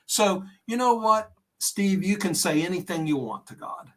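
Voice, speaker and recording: A man co-hosting a podcast, talking about faith in an earnest, gentle, reassuring way, often saying "you know". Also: sits high, lively intonation, normal speed, few pauses, far from the mic. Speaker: podcast co-host. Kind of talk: conversational faith talk.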